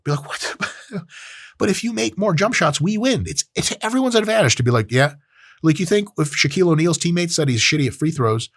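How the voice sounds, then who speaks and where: A man's voice: mid-range voice, husky, no room sound, studio quality. A man hosting a podcast, giving blunt, profane and emphatic advice in a casual monologue, acting out quoted exchanges along the way. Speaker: podcast host.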